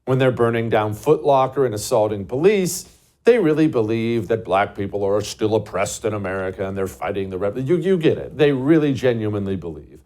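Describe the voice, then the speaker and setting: A man's voice: fairly low pitch, animated, a little fast, warm tone. A man hosting a talk show, delivering an emphatic, scornful political monologue and repeating words for stress.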